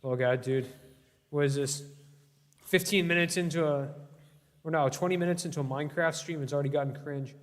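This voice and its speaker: A man's voice: a little high, a little fast, long pauses. A young man streaming a game, giving casual gameplay commentary, yelping in alarm and bantering with his chat. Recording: long reverb.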